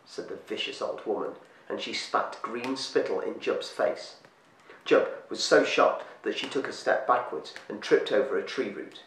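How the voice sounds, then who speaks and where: A man reading a storybook aloud as storyteller, slowing and hushing his voice for eerie moments. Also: fairly low pitch. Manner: slows and hushes for eerie moments. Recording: echoey room, distant mic, faint hiss.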